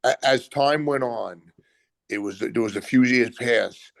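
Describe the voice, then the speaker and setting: An older man telling animated stories as a guest, acting out other people's lines in quotes. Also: medium pitch, measured pace, creaky, no room sound. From Brooklyn, USA. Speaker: retired pro wrestler guest. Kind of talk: animated storytelling.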